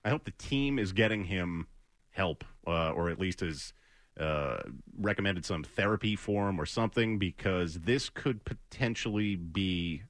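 A man's voice: sits low, a little slow, no echo, studio quality. A man hosting a sports talk radio show, speaking earnestly and rambling with many hesitations.

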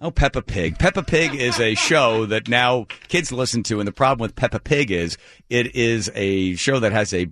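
A man's voice: mid-range voice, moderate pace, a bit bright, no room sound. A middle-aged man co-hosting a radio show, bantering casually and acting out quotes in his stories. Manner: jokey storyteller who acts out quotes.

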